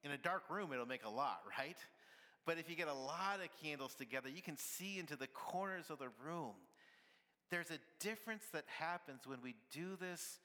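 A man delivers a sermon in a conversational, playful way, tossing questions and light laughs to the congregation. His voice is bright and fairly high for a man. The sound carries the long reverb of a church hall. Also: animated, moderate pace. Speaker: pastor.

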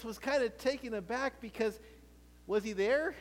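A man preaching a sermon as pastor, animated and playful, often restarting his words. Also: very high voice, normal speed, big-room sound.

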